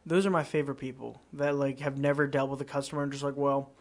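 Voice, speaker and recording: A young man hosting a casual podcast chat, telling animated customer-service stories and acting out customers. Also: mid-range voice, fast. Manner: animated storyteller, acts out customers. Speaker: podcast host.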